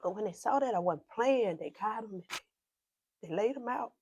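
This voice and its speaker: A woman's voice: mid-range voice, lively intonation, moderate pace, lo-fi sound, slight background noise. Southern woman pastor telling a grief-filled story. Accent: South Carolina. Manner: emotional storytelling, voice often sinking to a hushed whisper; repeats and re-enacts dialogue with quoted speech. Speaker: pastor, podcast guest. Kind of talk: personal testimony in a conversation.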